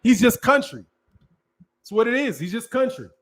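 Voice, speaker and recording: A Midwestern American man hosting a casual livestream, his speaking voice sitting high for a man. He talks in an animated, profane way and answers viewers' chat as he goes. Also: normal speed, background noise. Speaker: host.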